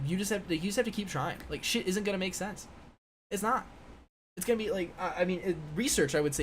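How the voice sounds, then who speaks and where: A man in his twenties from the United States, a physics PhD student, hosts a casual live-stream Q&A from an indoor room with a window. His voice is on the high side with slight background noise, and he reads chat questions aloud, rambling with many fillers and restarts.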